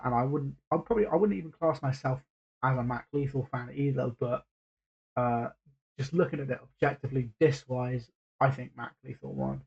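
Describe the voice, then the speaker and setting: A man's voice: medium pitch, creaky, slightly rough, dull audio. A man hosting a reaction video, talking casually and hesitantly with lots of fillers and restarts.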